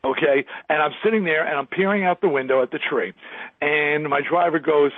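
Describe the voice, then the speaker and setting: A man's voice: a little high, brisk, no room sound. A man in his sixties from Long Island, New York, telling a story in an interview, acting out other people's lines and laughing often. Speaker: guest, rock musician. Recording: dry, tinny phone line.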